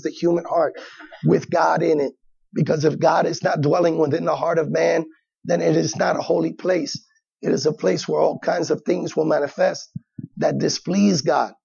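A man's voice: a little high, gravelly, darkish tone, husky, lo-fi sound. A middle-aged man preaching a sermon as pastor, in a conversational style with acted asides.

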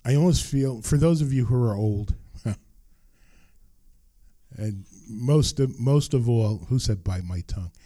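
Slow, dark-voiced older preacher. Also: male voice, medium pitch, no echo. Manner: earnest, emphatic preaching with repeated phrases. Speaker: pastor. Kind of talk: sermon.

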